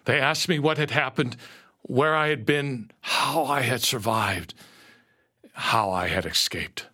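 A man narrating a first-person story slowly and earnestly, dropping to a hush at moments. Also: mid-range voice, breathy edge. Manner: slow, earnest storytelling with quiet hushed moments.

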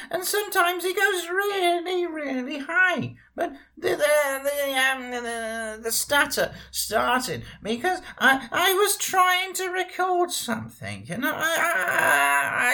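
A performer voicing an old man named Jeffrey who stutters and jumps up high in pitch. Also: expressive, gravelly, sharp tone, exaggerated voice. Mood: flustered. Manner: repeats words, halting and fussy.

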